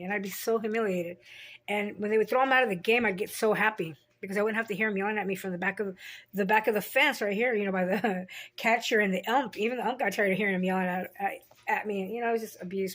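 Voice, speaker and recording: A woman's voice: mid-range voice, fairly bright tone. A middle-aged woman vlogger telling personal stories in a frank, rambling way. She swears freely and laughs at herself. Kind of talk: candid personal storytelling.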